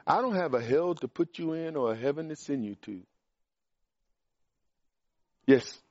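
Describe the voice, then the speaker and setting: An emphatic male preacher, climbing higher and louder as he drives points home. His voice sits fairly high for a man. The recording is dull and dry, with no room sound. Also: expressive, measured pace, no room sound. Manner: emphatic, rises in pitch and volume on key points. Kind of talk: sermon with Q&A.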